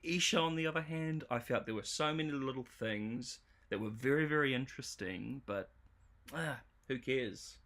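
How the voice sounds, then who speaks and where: A man in the middle of a livestream, picking apart a show in an exasperated, sarcastic rant. His voice sits at an ordinary middle pitch for a man. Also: moderate pace, a bit bright. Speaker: show reviewer streamer. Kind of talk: livestream commentary.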